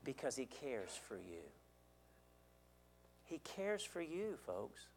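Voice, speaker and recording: A man's voice: medium pitch, very animated, takes it slowly, slight background noise. A man preaching a sermon as an elder, earnest, repeating words and asking the congregation questions. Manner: swings between loud emphasis and quiet drops.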